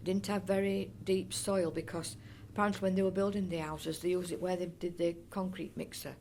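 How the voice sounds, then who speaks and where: On the low side and steady, her darkish voice runs a little fast, with some hiss or hum audible. An older woman from North East Derbyshire, she reminisces as an oral history interviewee in a chatty, rambling manner, frequently restarting and adding fond asides.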